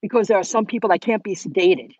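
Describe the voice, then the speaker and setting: Woman vlogger, chatty and rambling, mid-pitched voice. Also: expressive, quick pace, darkish tone, no room sound, highs cut off. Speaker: channel host. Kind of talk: casual chat to camera.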